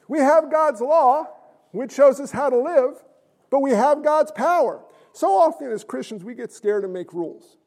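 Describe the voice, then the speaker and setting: A man preaching a sermon to his congregation, asking rhetorical questions, swinging between quiet asides and shouted emphasis, and sounding winded. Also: very high-pitched. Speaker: pastor. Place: church sanctuary.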